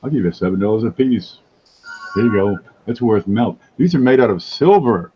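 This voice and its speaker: A man's voice: on the low side, expressive, moderate pace, dull audio, over music. A man hosting a casual livestream chat, wisecracking and joking as he talks. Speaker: host.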